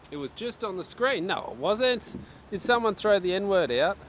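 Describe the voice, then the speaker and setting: A man with a slightly raised pitch talks casually and jokes as he hosts a live stream. He reads viewer messages aloud while he shoots arrows outdoors, with faint wind in the background. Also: animated, normal speed, fairly bright tone. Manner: chatty and joking, reads viewer chat aloud. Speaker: archery livestream host. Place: outdoors at an archery range in wind. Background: wind noise.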